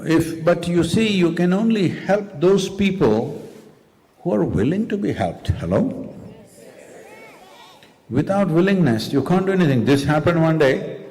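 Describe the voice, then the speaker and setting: A man's voice: fairly high pitch, big pitch swings, measured pace, long pauses, darkish tone. A man giving a live public talk as a spiritual teacher, pressing the audience with rhetorical questions. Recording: long reverb of a large hall.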